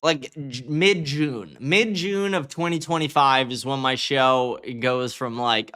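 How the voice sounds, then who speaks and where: A man's voice: medium pitch, normal speed, hardly any pauses, a bit bright, clean tone. A man hosting a livestream in casual commentary, talking in a loose, profane, rambling way and laughing at his own stories. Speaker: livestream host.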